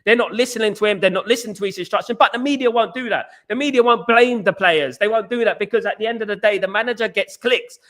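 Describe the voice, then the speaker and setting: A man hosts a casual football live stream with a high, bright voice. He rants heatedly and repeats his points. He breaks off to greet viewers in the chat. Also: quick pace, few pauses. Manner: heated, repetitive, talks back to chat. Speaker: football podcast host.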